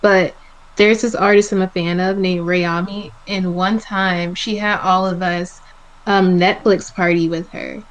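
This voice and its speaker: A woman's voice: lowish voice, level tone, measured pace, low-quality recording. A woman co-hosting a casual chat show, laid-back and chiming in with short reactions. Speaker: podcast co-host.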